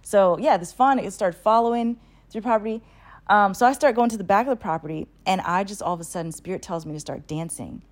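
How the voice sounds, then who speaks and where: A woman casually telling a long personal story, animated, with plenty of fillers and swearing. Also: medium pitch, fairly quick. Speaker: channel host.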